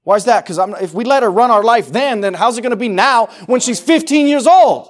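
High-voiced man preaching emphatically. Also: expressive, a little fast, hardly any pauses. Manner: emphatic, conversational preaching with repeated phrases. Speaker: pastor. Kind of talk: sermon.

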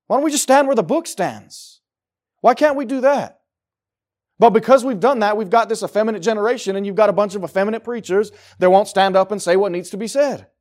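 A man preaching from the pulpit in a fairly high voice. He drives his points hard, then drops low and quiet before building back up. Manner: emphatic preaching, swinging from loud declarations to low, quiet asides. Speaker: pastor. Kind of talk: sermon. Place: church.

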